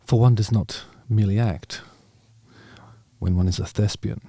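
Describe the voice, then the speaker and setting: A man voicing a pompous, self-important stage actor with a grand, affected delivery and a somewhat lower voice. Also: steady tone, moderate pace, very noisy, natural voice. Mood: haughty.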